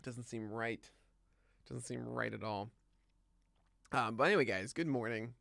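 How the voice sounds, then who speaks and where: This morning podcast comes from an American man streaming live out of his home studio; he chats casually with his audience, then goes through the day's news. Self-deprecating and talkative, he laughs at his own jokes. His medium-pitched voice is gravelly and a bit bright at a measured pace, with no echo.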